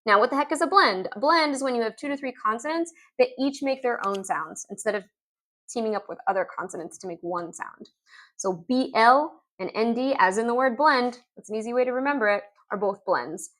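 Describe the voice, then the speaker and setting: A woman's voice: a little high, fairly bright tone. Upbeat woman teaching phonics. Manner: upbeat, sounds out letters and words slowly. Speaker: literacy teacher. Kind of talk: instructional explainer video.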